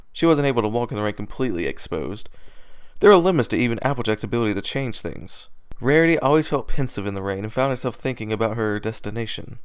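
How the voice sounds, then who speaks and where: A man narrates a story aloud in a steady reading voice, now and then stumbling and starting a word again. His tone is smooth and clean at a middle pitch. He sits close to the microphone in a dry, dead room. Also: no echo. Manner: steady reading with small slips and restarts. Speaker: fan fiction reader. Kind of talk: amateur read-aloud narration.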